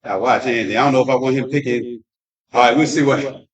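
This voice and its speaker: A man's voice: mid-range voice, steady tone, brisk, far from the mic, lo-fi sound. A man hosting a casual sports chat in a restaurant bar, laid-back and teasing as he goes through picks. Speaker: host.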